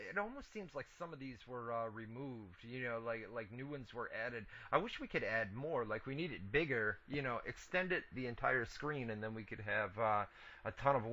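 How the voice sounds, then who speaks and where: A man's voice: mid-range voice, bright, forceful tone. A man co-hosting an internet radio show in casual profane banter. He keeps teasing his partner and calling him buddy, and he laughs often. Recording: dull lo-fi internet radio audio.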